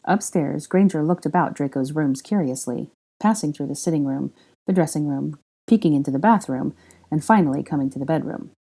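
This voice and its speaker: A woman reads a story aloud in a measured, even narration. Her voice is low and mellow. She drops in wry asides as she goes. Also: gravelly, slightly rough. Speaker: fan fiction reader. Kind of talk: audiobook narration.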